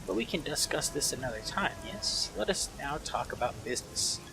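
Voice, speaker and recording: A man reading as a smooth, smug dealer. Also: fairly high pitch, lively intonation, moderate pace, background noise. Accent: faint foreign accent attempt. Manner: polished, courteous salesman patter. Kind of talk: video game dialogue read-aloud. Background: game music.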